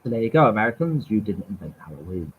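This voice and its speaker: A man's voice: fairly low pitch, big pitch swings, fast talker, breathy edge. A man reading history aloud from webpages, stumbling and repeating words, with wry casual asides. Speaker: channel host. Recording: tinny phone-like sound.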